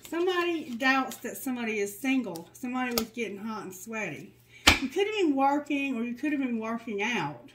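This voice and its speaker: Soothing higher-voiced woman reading tarot. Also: big pitch swings, fairly quick, heavy background noise. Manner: reads card messages aloud in a soothing, guiding tone; candid and joking, with blunt asides. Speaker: tarot reader.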